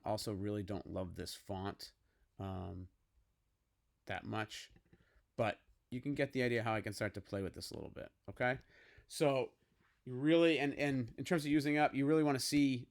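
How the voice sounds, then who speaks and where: A man teaching a typography class activity, talking casually and checking in with "okay?" as he works through an example on screen. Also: fairly low pitch. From United States. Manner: casual, coaxing, frequent "okay?" check-ins. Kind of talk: screen-recorded classroom tutorial.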